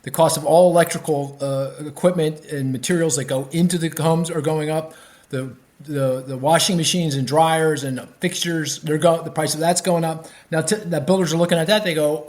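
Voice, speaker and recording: Animated economist, lively pitch. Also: male voice, moderate pace. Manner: animated, thinks aloud with fillers and restarts. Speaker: economist guest. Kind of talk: podcast interview.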